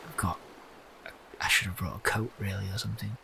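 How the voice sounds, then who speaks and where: A man voices his own character in a tabletop game, measured and wry. His voice is fairly low. A faint noise sits behind him. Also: creaky, sharp tone. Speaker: player. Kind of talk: in-character tabletop role-play.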